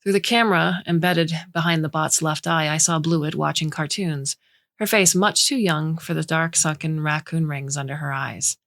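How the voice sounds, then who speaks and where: A woman reading a short story aloud in a measured, intimate way. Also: sits low, steady tone, a bit bright, dry recording, studio quality. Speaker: story reader. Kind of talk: scripted narration.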